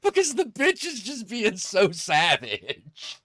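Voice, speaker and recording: A man co-hosting a casual comedy chat, animated, swearing and laughing often. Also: high voice, slow, no room sound. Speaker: podcast co-host.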